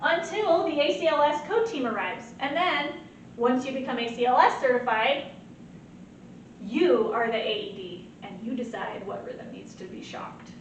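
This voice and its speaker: A woman teaching a nursing lecture in an animated way, often checking in with "right?". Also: high voice, normal speed, slight background noise. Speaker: nursing instructor. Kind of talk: recorded lecture. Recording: very echoey, distant, muffled.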